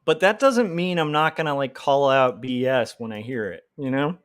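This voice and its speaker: A man's voice: mid-range voice, normal speed, smooth. A man ranting on a casual livestream, heated and rambling, with many filler words. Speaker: comic artist livestreamer.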